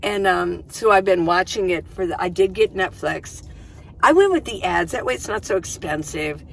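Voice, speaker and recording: A woman's voice: lowish voice, expressive, normal speed, gravelly, slight background noise. A middle-aged woman vlogging from inside her minivan, chatting casually and rambling, often restarting her sentences. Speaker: van-life vlogger. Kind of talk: casual chat to camera.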